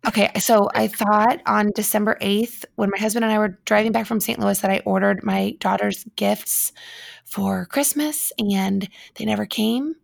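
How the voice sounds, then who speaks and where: Woman cohost chatting, a bit of vocal fry, dry close sound, tells stories all heartfelt. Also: medium pitch, fairly even intonation, moderate pace, no echo. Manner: chatty, emotional storyteller. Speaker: co-host. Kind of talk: casual chat.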